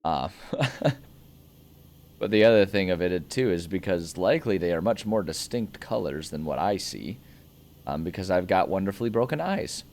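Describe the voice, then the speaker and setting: A man's voice: low-pitched, expressive, moderate pace, darkish tone. A young man hosting a casual game playthrough, rambling and chuckling as he drifts off on tangents. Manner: rambling, chuckling, easily sidetracked. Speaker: gaming channel host. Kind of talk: casual let's-play commentary.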